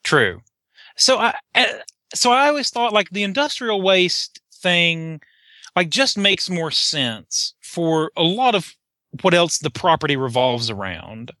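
A man's voice: high-pitched, lively intonation, takes it slowly, pushed and bright, no room sound, studio quality. A man co-hosting a casual podcast chat, restarting his sentences and building to emphatic rhetorical questions. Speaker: podcast co-host.

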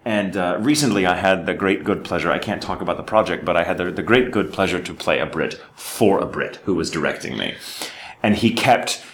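Deep-voiced man from Texas, lively panel storyteller, roomy hall with faint hum. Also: a little fast. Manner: animated storyteller, slips into British voices. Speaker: voice actor guest. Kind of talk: convention panel talk.

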